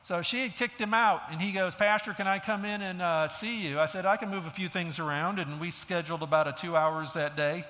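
A man's voice: high-pitched, fairly even intonation, brisk, hardly any pauses, bright, forceful tone. A middle-aged male pastor preaching a sermon, telling stories in a conversational way with self-deprecating humor. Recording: long hall reverb.

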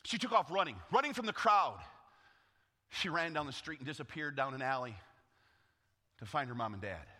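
A man's voice: a little high, expressive, moderate pace, bright, forceful tone. A man, a pastor, preaching a sermon, telling a story dramatically and calling out for the congregation's response. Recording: echoey hall.

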